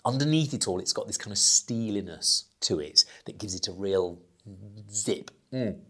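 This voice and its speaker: A man's voice: lowish voice, moderate pace, a bit bright, a little hiss or hum. A man presenting and tasting wines as a sommelier, talking in a chatty, enthusiastic way and savoring his words. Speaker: sommelier presenting weekly wine picks. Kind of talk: casual wine tasting talk.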